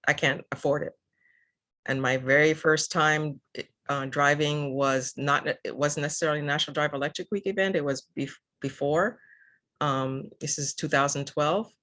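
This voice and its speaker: Low-voiced with a fairly bright tone, an older woman from Southern California speaks as an EV advocate guest in a casual interview. Her manner is earnest, thick with fillers and restarts.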